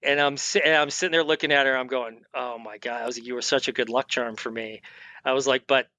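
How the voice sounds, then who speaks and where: A man's voice: medium pitch, steady tone, quick pace, pushed and bright, dry recording. A man guest on a podcast, casually telling a rambling story full of restarts and acted-out quotes. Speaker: guest, firearms expert and veteran.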